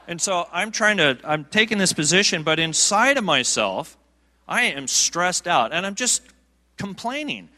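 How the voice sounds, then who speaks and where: Bright-voiced preacher in a reverberant sanctuary. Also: male voice, fairly high pitch. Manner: humorous, self-deprecating anecdotes with fillers and restarts. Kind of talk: storytelling sermon. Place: church sanctuary. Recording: long reverb of a large sanctuary.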